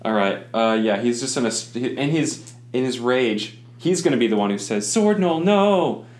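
A man's voice: mid-range voice, moderate pace. A man narrating a tabletop game as game master in a casual, laughing, swearing way. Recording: echoey room with faint noise.

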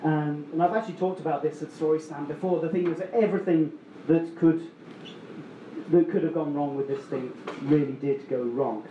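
A man's voice: fairly high pitch, fairly even intonation, normal speed, mellow, roomy sound, a little hiss or hum, rough recording. A man telling a story on stage at a story slam, rambling and self-mocking with many restarts. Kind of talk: live storytelling.

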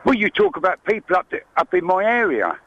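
A man's voice: high voice, big pitch swings, fairly quick, fairly bright tone, dull audio. A man calling in to a radio phone-in, rambling and repeating himself in nonstandard grammar. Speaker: radio caller. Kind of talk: phone-in call.

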